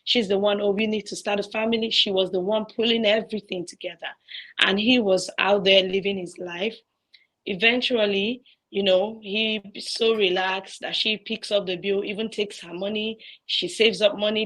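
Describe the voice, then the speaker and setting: A woman calling in to share a personal story, speaking softly and hesitantly over a faint, breaking line. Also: mid-range voice, fairly even intonation, normal speed, rough recording. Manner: hesitant, soft-spoken. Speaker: caller. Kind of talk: sharing a personal story on a call-in show. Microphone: remote call line. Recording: faint, breaking call audio.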